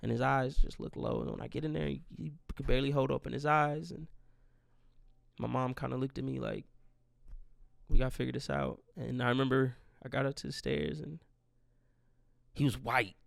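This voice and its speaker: A man's voice: mid-range voice, fairly even intonation, fairly quick, vocal fry, no room sound, studio quality. A man in his twenties hosting a podcast, telling a rambling, profane, grieving story in a casual monologue. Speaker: podcast host.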